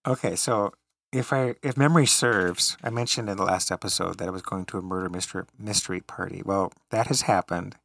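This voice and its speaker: A man with a low, gravelly voice trading stories as a podcast co-host. He talks casually and laughs easily, and the sound is close and dry, with no room around it. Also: fairly quick, fairly bright tone, no room sound. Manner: chatty storyteller who laughs often. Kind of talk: casual chat.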